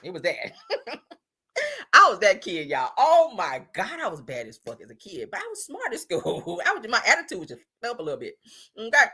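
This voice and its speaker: A woman hosting a livestream, telling a childhood story in a casual, animated way and often laughing as she talks to her viewers. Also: mid-range voice, fairly quick, breathy edge. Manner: animated, laughing, addresses viewers as y'all and baby. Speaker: livestream host. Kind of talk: casual storytelling to live chat.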